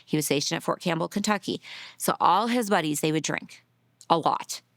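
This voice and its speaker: A middle-aged woman, a grieving mother, telling her story in a documentary interview, earnest and emotional, sometimes dropping to a soft near-whisper. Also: low voice, normal speed, no room sound, clean studio sound.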